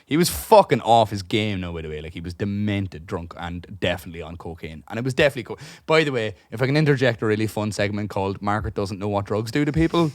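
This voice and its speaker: A young Irish man co-hosting a podcast, telling a profane, animated story full of asides. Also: fairly low pitch, quick pace, few pauses, dry recording, studio quality. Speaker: podcast co-host. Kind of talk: casual storytelling chat. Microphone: podcast studio microphone.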